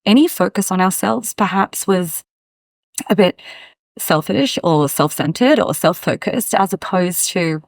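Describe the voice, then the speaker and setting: A woman's voice: lowish voice, lively intonation, a little slow, gravelly, dry recording. A woman hosting an interview, speaking reflectively and often affirming her guest. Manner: warm reflective talk with frequent affirmations. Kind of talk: casual interview conversation.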